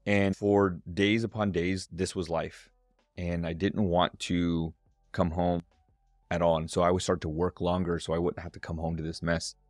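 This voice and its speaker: Middle-aged guy on a podcast, really low voice, tells stories and does the voices, dry sound. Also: moderate pace, dry recording, soft background music. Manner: animated storyteller, acts out voices in quotes. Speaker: guest, strengths coach. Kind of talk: storytelling in a podcast interview.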